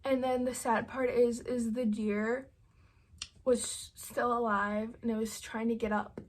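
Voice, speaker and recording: A young woman vlogger tells a storytime to her camera in a fairly high, flat voice at a slightly slow pace. She rambles casually, saying "like" constantly and swearing often.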